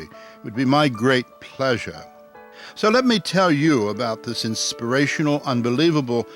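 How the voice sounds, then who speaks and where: A man putting on a stately English gentleman narrator. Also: mid-range voice. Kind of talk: scripted documentary narration.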